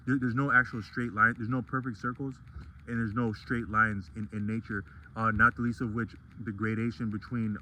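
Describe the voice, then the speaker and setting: Rambling man with a flat, bright voice. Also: fairly low pitch, slight background noise, rough recording. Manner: rambling and digressive, many restarts. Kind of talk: casual vlog monologue.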